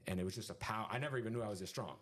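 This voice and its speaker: A man telling a story in casual conversation as a podcast guest, animated and full of sound effects and fillers. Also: lowish voice, very fast.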